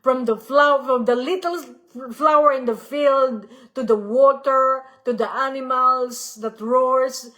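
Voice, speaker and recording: A woman teaches a devotional study in a fairly high voice. She talks slowly, restarts her sentences and repeats each point gently. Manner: halting, searching for words with many pauses and restarts. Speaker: Bible study leader.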